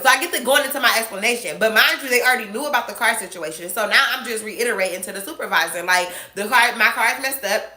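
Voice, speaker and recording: A woman, telling a story about her job in a casual, animated way and acting out both sides of an argument. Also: a little high, fast talker, reverberant. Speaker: vlogger telling a work story.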